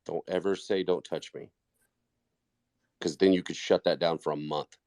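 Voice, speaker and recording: A man's voice: sits low, steady tone, brisk, darkish tone, no echo. A man co-hosting a casual podcast chat, blunt and swearing freely. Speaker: podcast co-host.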